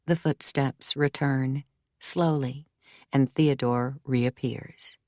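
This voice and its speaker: A woman narrates an audiobook in a low voice. Her storytelling is measured, even and unhurried. The recording is dry and close, with no room sound. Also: no room sound. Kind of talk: scripted narration.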